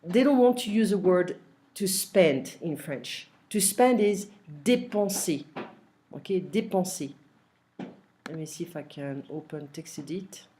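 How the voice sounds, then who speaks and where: Mellow-voiced woman teaching French. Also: lowish voice, expressive, measured pace. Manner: explains step by step, repeating phrases with fillers. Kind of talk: online language lesson.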